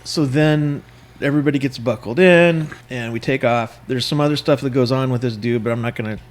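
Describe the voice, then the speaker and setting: A man hosting a podcast, telling a story in a lively casual way, acting out what people said and dropping to a whisper for asides. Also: mid-range voice, brisk. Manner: animated, acts out voices in anecdotes, whispers asides. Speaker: podcast host.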